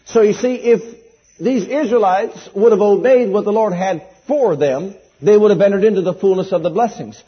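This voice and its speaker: A man's voice: high-pitched, moderate pace, slightly rough. A man preaching a sermon in an earnest, emphatic way, repeating key phrases and quoting scripture. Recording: dull lo-fi sound.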